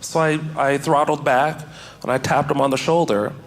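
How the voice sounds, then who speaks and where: A man doing stand-up comedy, telling a story to a live audience with animated delivery and loud outbursts. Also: on the high side, moderate pace. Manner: animated, acts out voices in his story, loud excited outbursts. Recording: stage recording with audience laughter. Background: audience laughter.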